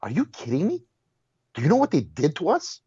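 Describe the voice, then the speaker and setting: A man's voice: fairly high pitch, brisk, slightly rough, dry recording, lo-fi sound. A man talking as a guest in a heated casual conversation, telling stories emphatically and restarting his words often. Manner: animated storyteller, repeats and restarts words, exclaims.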